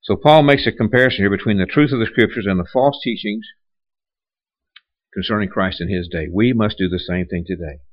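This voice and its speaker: Male pastor, low voice, dry and slightly muffled sound, conversational preaching style. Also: a little fast, dry recording. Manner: conversational preaching with repeated restarts and rhetorical questions. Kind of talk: sermon.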